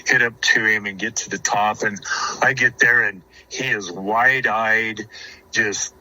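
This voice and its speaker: A man's voice: lowish voice, steady tone, unhurried, pushed and bright, rough recording. A man, a guest on a show, telling hunting stories in a rambling way, repeating words and chuckling. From Arizona. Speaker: guest, houndsman. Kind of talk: casual storytelling.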